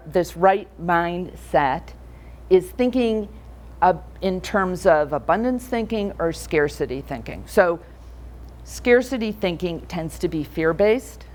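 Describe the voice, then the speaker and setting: Lively woman giving a conversational talk. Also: fairly low pitch. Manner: conversational, asks the audience questions. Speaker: speaker for financial advisors. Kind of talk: keynote talk with stories. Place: conference room with audience.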